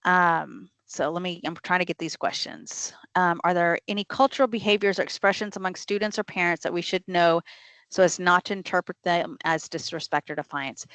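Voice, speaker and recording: Middle-aged female trainer, lowish voice, easy conversational delivery, dry close sound. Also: moderate pace, fairly bright tone, dry recording. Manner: conversational, often asks "right?" to check understanding; reads audience questions aloud and answers them. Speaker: trainer leading teacher professional development.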